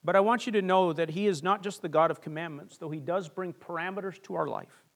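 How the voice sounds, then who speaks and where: A male pastor with a notably high voice delivers an earnest, conversational sermon. He stumbles through repeated restarts, then falls to a soft, hushed tone for the lines he wants to land. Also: quick pace, creaky.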